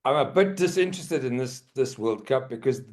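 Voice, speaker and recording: A man's voice: medium pitch, animated, fairly quick, darkish tone. A man with a South African accent, a guest musician on a podcast, chatting casually in a laid-back, self-deprecating way and laughing easily.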